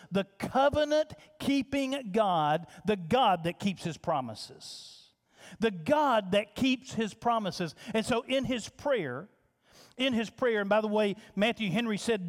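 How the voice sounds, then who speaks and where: A man preaching a sermon as pastor, impassioned, repeating phrases and restarting with stammers. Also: sits high. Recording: long hall reverb.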